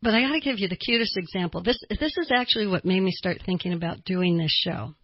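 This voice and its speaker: An older woman from the American South, hosting a radio talk show as a therapist, chatty and quick to laugh. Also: medium pitch, breathy edge, no echo, highs cut off. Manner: chatty, storytelling, laughs easily.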